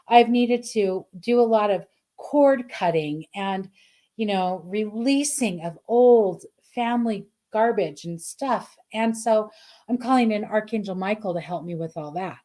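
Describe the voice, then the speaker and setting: Chatty middle-aged lady doing card readings on a stream, warm mellow voice, gushes a lot. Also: mid-range voice. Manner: effusive, chatty, reads viewer comments aloud. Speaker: spiritual card reader, host.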